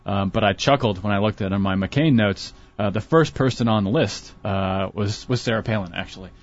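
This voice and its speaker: Low-voiced male pundit, analytical. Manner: measured, many fillers and restarts, analytical. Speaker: political commentator, professor and author. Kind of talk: casual political discussion. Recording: dull lo-fi radio broadcast.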